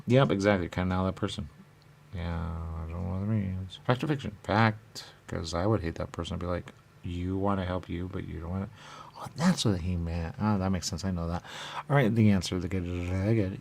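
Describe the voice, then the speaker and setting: A man's voice: low-pitched, fairly even intonation, moderate pace, creaky, a little mellow. A man as a radio host, delivering a rambling comic monologue and asking and answering his own questions in repetitive loops. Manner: rambling and silly.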